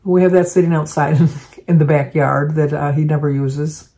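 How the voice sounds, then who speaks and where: A woman's voice: deep voice, level tone, normal speed, dark tone. An older woman rambles cheerfully to her camera at home, drifting from one small aside to the next. Her talk is loose and chatty, like a daily vlog catch-up. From Michigan. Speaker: vlogger. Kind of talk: casual chat to camera.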